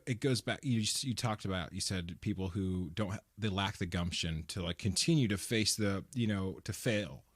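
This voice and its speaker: A man's voice: sits low, dry recording. A young man hosting a podcast interview, talking casually with many fillers into a studio microphone. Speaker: podcast host.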